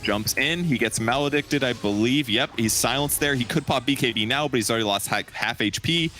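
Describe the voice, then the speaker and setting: A man giving relaxed analytical color commentary on an esports match. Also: medium pitch, fairly quick, a little hiss or hum. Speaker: esports co-caster.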